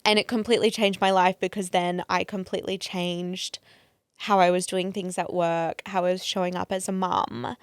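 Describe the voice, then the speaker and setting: A woman's voice: fairly low pitch, flat delivery, moderate pace, clear, resonant tone, no room sound, studio quality. A woman, a podcast guest telling personal stories openly and emotionally, with lots of fillers. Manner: open, emotional storytelling with many fillers. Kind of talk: casual chat.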